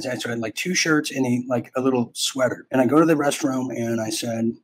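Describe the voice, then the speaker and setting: A man with a somewhat husky voice hosts a podcast, telling a long personal story in a loose, rambling way. He often restarts his sentences and acts out short bits of dialogue. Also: medium pitch, a little fast, hardly any pauses, poor audio. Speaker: podcast host. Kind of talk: casual storytelling.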